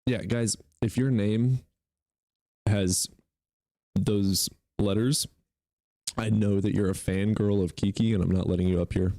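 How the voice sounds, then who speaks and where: A man's voice: on the low side, steady tone, unhurried, long pauses, warm tone, no room sound, clean studio sound. A young man hosting a livestream debate, mocking chat and callers with swearing and bursts of laughter. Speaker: streamer hosting call-in debates.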